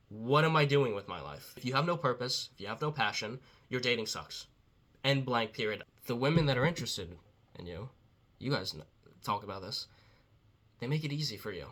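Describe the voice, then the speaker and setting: Bright-voiced blunt dating coach man. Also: medium pitch. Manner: blunt, profane, quotes others in quick asides. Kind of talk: casual motivational talk.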